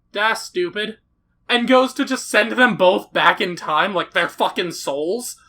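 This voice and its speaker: A man rambling through an anime recap, swearing freely and getting excited. His voice is bright and very animated, leaping up and down in pitch. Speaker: anime reviewer.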